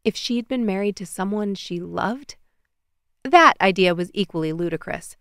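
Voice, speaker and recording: A woman reading a romance audiobook as narrator in an even, measured way, recorded close on a studio mic. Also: medium pitch, smooth, no echo.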